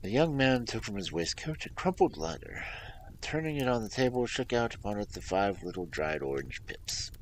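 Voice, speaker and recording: A man reading a story aloud on a livestream with measured storybook narration. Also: on the low side, very animated, slight background noise, low-quality recording. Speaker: reader.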